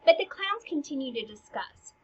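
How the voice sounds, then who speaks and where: A woman's voice: sits high, very animated, moderate pace, muffled recording. A woman teaching a literature lesson, paraphrasing casually and dropping into whispered asides.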